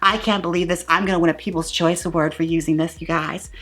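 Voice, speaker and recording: Woman, beauty vlogger, playful mock-dramatic gushing, bright voice, close mic. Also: lowish voice, fairly even intonation, fast, faint music behind. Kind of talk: comedic makeup review vlog.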